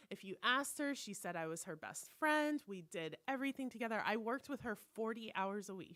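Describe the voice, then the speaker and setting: A woman's voice: on the high side, fairly bright tone, no room sound. A woman minister giving a conversational sermon, telling personal stories candidly and acting out the voices she quotes.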